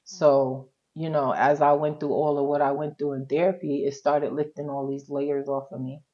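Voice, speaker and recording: Low-voiced woman telling her story. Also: little pitch movement, moderate pace, dull audio. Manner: colloquial and frank, quotes her own past words. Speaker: interview guest, social worker. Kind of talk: candid personal storytelling.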